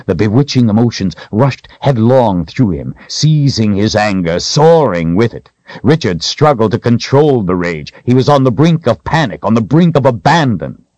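A man reading a fantasy novel aloud with dramatic, expressive storytelling. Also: medium pitch, normal speed, no echo, muffled recording. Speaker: audiobook narrator. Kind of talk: scripted fantasy narration.

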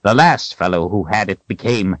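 A man voicing an old, bony male wizard who is proud and cryptic, talking in high proclamations and secretive asides. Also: sing-song, measured pace, no echo. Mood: wry, knowing.

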